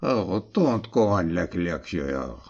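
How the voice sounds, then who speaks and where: An actor playing a priest's impatient, brusque friend in a full-cast audiobook. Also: male voice, low-pitched, very animated, slow pace, gravelly, darkish tone, lo-fi sound, heavily acted.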